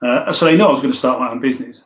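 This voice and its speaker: A man's voice: mid-range voice, very fast. A man, a podcast guest, telling blunt, swearing anecdotes in casual storytelling. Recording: roomy echo.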